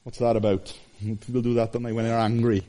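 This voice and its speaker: A man in his fifties, from Wales, preaching a conversational sermon that swings between high exclamations and hushed asides. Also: flat delivery, fairly quick. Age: 50s.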